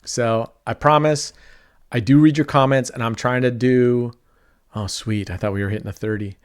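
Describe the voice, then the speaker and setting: A man's voice: medium pitch, fairly even intonation, moderate pace, clean tone. A middle-aged man streaming online roulette, talking casually and at length while he plays. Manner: talkative, rambling, self-described mellow.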